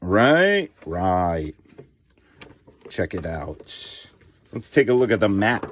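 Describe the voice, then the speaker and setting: A low, expressive male voice takes its time as a middle-aged board game host casually shows off a new game. The unboxing is laid-back and full of slang, fillers, and "dude."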